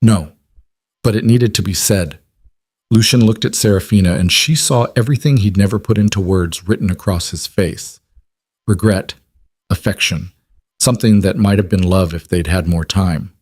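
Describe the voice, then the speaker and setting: Male narrator, low, measured, dry close audiobook read. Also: darkish tone, dry recording. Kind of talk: scripted narration.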